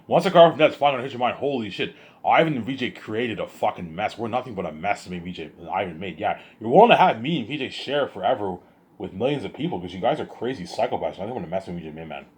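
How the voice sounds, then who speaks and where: A man's voice: fairly low pitch, animated, quick pace, husky. A tired man vlogging to his viewers in a rambling monologue, repeating himself, stumbling over restarts and swearing.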